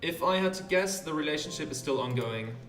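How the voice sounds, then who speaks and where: A refined one-eyed lady portrait painter, voiced by a man raising his voice, speaking in a genteel, formal and faintly flirtatious way. Her voice sits high and carries a roomy echo, as if the mic were some distance off. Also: expressive, brisk, fairly bright tone, soft background music.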